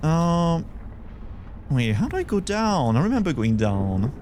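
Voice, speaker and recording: A man's voice: on the high side, sing-song, unhurried, a little mellow, a little hiss or hum. A young man with a Belgian French accent, chatting casually as he streams a game and answers his chat. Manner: chatty, thinks aloud, reads chat. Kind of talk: casual gameplay commentary.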